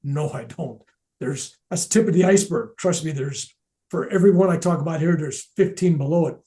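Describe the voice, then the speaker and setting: An older man telling personal spiritual stories in a relaxed, unscripted way. His voice sits slightly high for a man and has a warm, mellow tone. He stumbles and restarts his sentences, and he sinks into soft, near-whispered words for emphasis. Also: fairly quick. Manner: animated storyteller, drops to near-whispers, restarts often. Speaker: speaker at a veterans event. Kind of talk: spoken personal storytelling.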